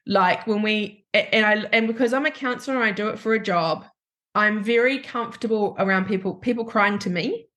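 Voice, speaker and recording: A woman counselor speaks as a podcast guest, recounting a painful personal story. Her sentences often stop short and restart as she searches for words, while her voice stays at a middle pitch. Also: a bit bright. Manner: halting, with frequent self-interruptions and restarts.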